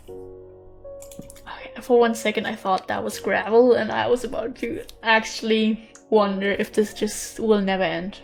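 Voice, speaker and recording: A woman's voice: fairly high pitch, takes it slowly, vocal fry, pauses often, faint music behind. A woman hosting a gaming channel, talking casually and thinking aloud as she plays, with some light self-mockery, recorded on a USB studio mic in her bedroom. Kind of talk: casual let's-play commentary. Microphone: USB studio microphone.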